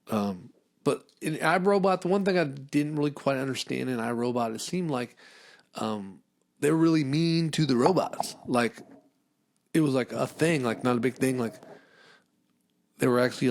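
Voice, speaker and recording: A man hosting a comedy podcast, rambling through a casual monologue full of fillers and swearing. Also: mid-range voice. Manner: rambling, profane, many fillers.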